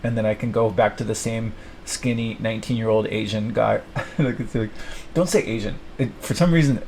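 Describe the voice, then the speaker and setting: A man's voice: lowish voice, steady tone, fairly quick, darkish tone, a little hiss or hum, low-quality recording. A young man thinking aloud at his desk, rambling and self-mocking as he plans his week. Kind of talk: rambling solo self-talk.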